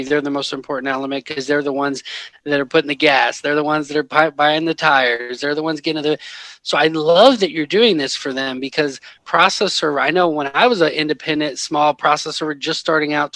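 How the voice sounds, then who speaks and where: A man's voice: fairly high pitch, a bit bright, no room sound. A man hosting a podcast interview, chatty and rambling, laughing often. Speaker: podcast host. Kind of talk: casual interview chat.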